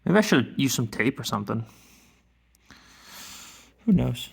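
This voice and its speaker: A woodworking vlogger talks to himself as he works on a project, narrating in a loose, rambling, casual way. His voice is medium-pitched, gravelly and sing-song, and he speaks a little slowly. During delicate work he drops into a hushed whisper.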